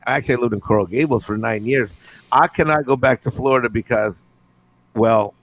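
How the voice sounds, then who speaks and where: A middle-aged man with a gravelly, creaky voice co-hosts a casual livestream. He reads viewer comments aloud and rambles from one joke to the next. His delivery is loose and full of quick asides. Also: medium pitch, rough recording. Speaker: livestream co-host.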